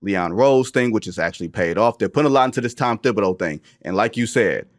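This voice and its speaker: A man's voice: lowish voice, lively intonation, fast, background noise. A man in his forties hosting a casual sports podcast, emphatic and joking, slipping into slang.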